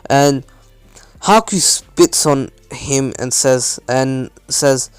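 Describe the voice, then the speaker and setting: A man's voice: medium pitch, slow, clean tone, no room sound, soft background music. A man improvising a fan fiction story as narrator, rambling with many fillers and restarts. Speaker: channel host, storyteller.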